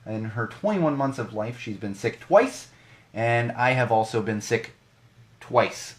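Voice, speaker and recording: Animated ranting man, lively pitch. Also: a little slow. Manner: animated, ranting, many restarts. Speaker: podcast co-host. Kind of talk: casual podcast monologue.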